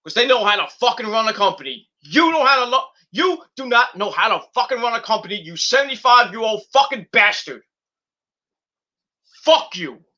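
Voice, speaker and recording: Bright, high-voiced man ranting. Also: lively intonation, a little fast, few pauses. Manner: profane, heated ranting. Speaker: wrestling review host. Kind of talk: ranting show review.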